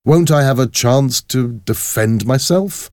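A man's voice: medium pitch, measured pace, darkish tone, no echo, studio quality, pitched above the performer's own voice, natural voice. A man voicing a frightened young male aristocrat who pleads his innocence in a storybook reading. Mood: pleading. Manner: anxious, protesting.

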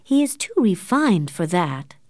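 A romantic, fond middle-aged aunt with an eager, gushing way of talking, pitched higher as a woman reads her in a storybook. The recording is close and dry, and her pitch moves a lot. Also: sing-song, unhurried, no echo.

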